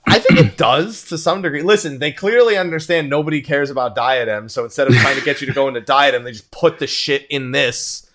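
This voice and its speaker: A man's voice: mid-range voice, fairly quick, few pauses, a bit bright, a little hiss or hum. A man hosting a casual gaming podcast, teasing his cohosts and laughing often. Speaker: podcast host.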